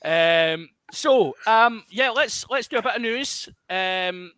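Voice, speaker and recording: A man's voice: high voice, expressive, slow, bright, forceful tone, clean tone, no echo. A Glaswegian man hosting a podcast in casual chat, jokey and self-mocking. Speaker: podcast host.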